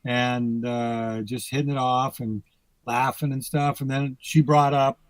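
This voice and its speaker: A man's voice: medium pitch, flat delivery, a little slow, no echo, rough recording. Blunt, profane man on a dry mic. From United States. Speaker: podcast guest. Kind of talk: casual conversation.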